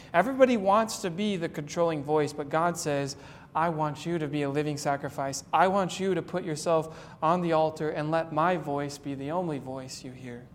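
Man, sermon, earnest and dramatic, slightly high voice, faint rumble behind. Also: big-room sound. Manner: earnest, dramatic, slowing for emphasis. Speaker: preacher. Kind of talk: sermon retelling a story.

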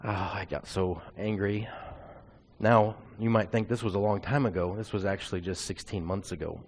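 A man's voice: lowish voice, steady tone, normal speed, slight background noise. A man preaching a sermon, telling a personal testimony in an earnest, confessional storytelling way.

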